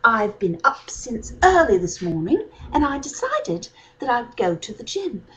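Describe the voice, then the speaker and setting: A woman's voice: a little high, sing-song, a little slow, breathy edge, rough recording. Woman in a playful put-on British accent. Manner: playful, chatty, savoring. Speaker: vlog host. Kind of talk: casual home vlog. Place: home.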